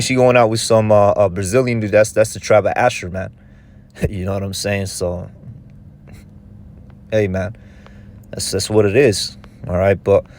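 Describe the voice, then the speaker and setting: A man's voice: lowish voice, darkish tone. A man giving a casual, conversational scripture lesson in a loose, repetitive way of talking. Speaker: religious teacher.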